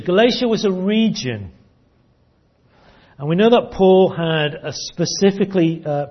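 A man preaching a teaching sermon to his congregation, earnest and prone to repeating words as he restarts. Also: a little high. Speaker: pastor. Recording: dull lo-fi church recording.

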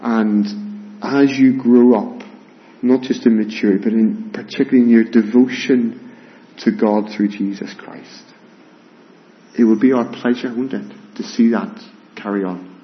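A man's voice: mid-range voice, fairly even intonation, measured pace, highs cut off. A man preaching a sermon as pastor, earnest, often repeating words as he starts a phrase. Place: church, with rain heard outside.

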